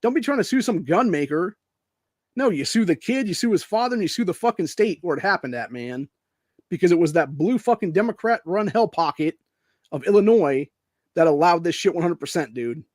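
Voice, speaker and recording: Mid-range and a bit dark in tone, an American man's voice carries an angry, foul-mouthed political rant on his podcast, casually sprinkled with "dude" and "man." There's no room sound, just clean studio quality.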